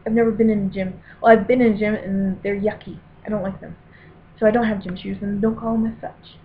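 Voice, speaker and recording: A woman's voice: medium pitch, fairly even intonation, fairly quick. A woman from Colorado with a Denver accent, chatting casually to camera as she reads an accent-tag word list and makes rambling, self-deprecating asides. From Colorado, USA. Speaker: vlogger doing an accent tag. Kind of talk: casual reading and chat to camera. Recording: very tinny, lo-fi with faint hiss.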